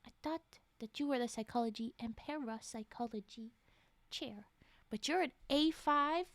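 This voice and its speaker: A woman's voice: fairly high pitch, normal speed, a bit bright, no room sound. A woman voicing an agitated young woman, a scared test subject, who asks rising, pleading questions.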